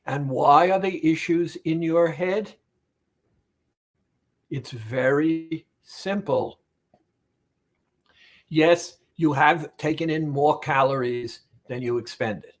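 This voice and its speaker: A therapist with a slightly high male voice addresses the listener directly about weight loss. His monologue is deliberate, emphatic, and repetitive.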